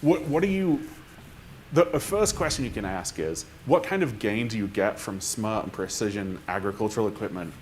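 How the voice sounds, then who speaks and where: A man's voice: fairly low pitch, expressive, moderate pace, a little hiss or hum. A man speaking on a conference panel, thinking aloud with restarts and tag questions. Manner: thinking aloud with frequent restarts and "right?" tags.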